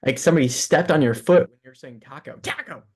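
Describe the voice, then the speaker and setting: A man's voice: on the high side, fast talker, a little mellow. A young man co-hosting a podcast over a remote call, chatting casually and teasing playfully. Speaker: podcast co-host. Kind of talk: casual chat.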